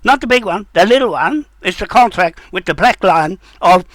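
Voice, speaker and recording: A man's voice: high voice, animated, moderate pace, fairly bright tone, no echo. An older man, delivering an indignant, rambling monologue full of accusations and repeated points. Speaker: self-styled sovereignty advocate.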